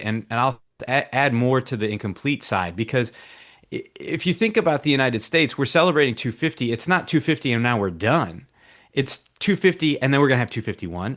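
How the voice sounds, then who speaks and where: A man's voice: mid-range voice, fairly bright tone. Casting: man, mid-range voice, reflective radio panelist who thinks aloud. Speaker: reporter guest. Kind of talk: radio talk show discussion.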